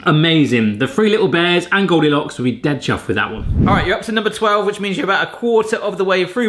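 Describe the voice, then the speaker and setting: A man's voice: high-pitched, expressive, fast talker, hardly any pauses, fairly bright tone. A man, chatting playfully to viewers as he tests kitchen gadgets in a casual vlog. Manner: playful, jokey, talks straight to viewers. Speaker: cooking gadget reviewer.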